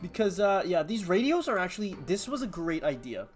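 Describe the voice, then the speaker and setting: A young man giving excitable commentary on a strategy game as a gaming YouTuber, laughing often and hyping up his audience. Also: sits high, brisk, soft background music.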